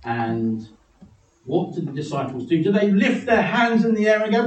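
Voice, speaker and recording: A man preaching a sermon in a church, animated, acting out figures from the story in high excited voices. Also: moderate pace, reverberant, recorded from a distance, rough recording.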